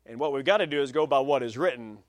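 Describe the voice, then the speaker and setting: A man's voice: mid-range voice, quick pace, no room sound. A male pastor preaching a sermon with emphatic stress, folksy asides and changing pace.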